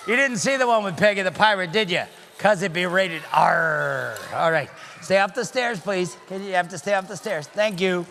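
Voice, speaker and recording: A man performs comic magic-show patter for a family audience, joking, teasing and calling out loudly to the crowd. His voice sits high and sounds bright and forceful. There is a faint hiss of background noise. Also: expressive, normal speed. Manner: playful, teasing, loud, calls out to the crowd. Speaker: magician and children's entertainer. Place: synagogue sanctuary in front of a live audience.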